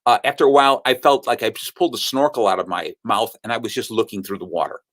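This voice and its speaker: A man with a mid-range voice talks quickly, telling a story as a sales speaker. He's animated, voicing the quoted lines himself.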